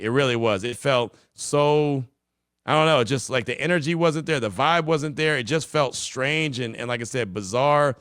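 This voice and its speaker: A relaxed male podcast host chats through sports talk in a loose, conversational way with plenty of ums and uhs. His voice sits at a middle pitch, and it is recorded dry and close. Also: dry recording. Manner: relaxed, conversational, many fillers. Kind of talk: casual call-in show talk.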